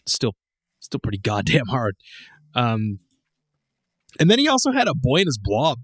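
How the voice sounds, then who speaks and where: A man co-hosting a podcast in relaxed, casual chat. His pitch swings around with animation, and he rambles with plenty of restarts. The sound is dry and close to the mic. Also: unhurried, husky, no room sound. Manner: rambling, laughing, swearing, many restarts. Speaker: podcast co-host.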